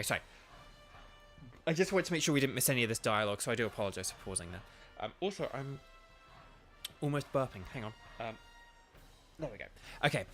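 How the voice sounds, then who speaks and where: A man's voice: medium pitch, bright, forceful tone. A man streaming a video game, chatting casually in a rambling, self-deprecating way. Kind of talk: casual let's-play commentary.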